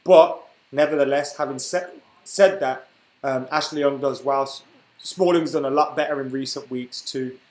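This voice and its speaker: A man's voice: mid-range voice, steady tone, normal speed, darkish tone, roomy sound, low-quality recording. A young man hosting a football live stream, chatting casually and reading out viewer comments while he has the hiccups. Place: room at home.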